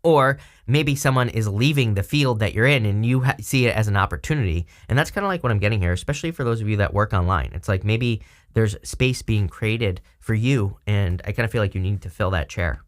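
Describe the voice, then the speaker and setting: A man's voice: lowish voice, fairly quick. A man giving a casual tarot reading, rambling and chatty with lots of fillers. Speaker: tarot reader.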